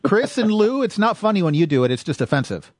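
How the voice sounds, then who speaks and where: A man's voice: sits high, sing-song, quick pace, dry recording. Upbeat joking male podcast host. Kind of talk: casual chat. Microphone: studio microphone.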